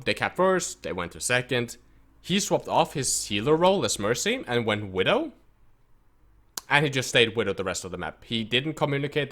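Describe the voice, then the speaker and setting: A man's voice: mid-range voice, pushed and bright. A man who coaches an esports team, telling a frustrated story in casual speech and quoting people as he goes. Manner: frustrated, emphatic, quotes others in his retelling. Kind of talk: casual storytelling rant to camera.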